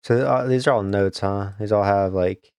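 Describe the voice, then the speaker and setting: Deep-voiced gamer, crude casual commentary, dry close recording. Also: male voice, fairly even intonation, normal speed, a little mellow, smooth, no room sound. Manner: blunt, crude, jokey. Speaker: gaming youtuber. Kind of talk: casual horror game playthrough.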